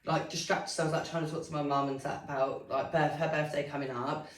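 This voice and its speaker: A woman's voice: low voice, steady tone, quick pace. A young woman, co-hosting a podcast and telling a story in candid, casual chat full of swearing and fillers. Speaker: podcast co-host. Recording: roomy sound from a distant mic.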